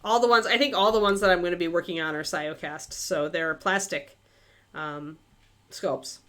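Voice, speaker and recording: A woman's voice: on the low side, steady tone, normal speed, fairly bright tone. A woman hosting a miniature-painting livestream, chatting casually and thinking aloud with many fillers.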